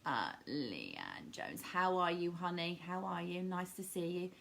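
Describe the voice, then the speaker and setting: A woman's voice: on the low side, sing-song, a little slow, gravelly, fairly bright tone. A middle-aged woman doing a live card reading, affectionately calling viewers darling and sweetie.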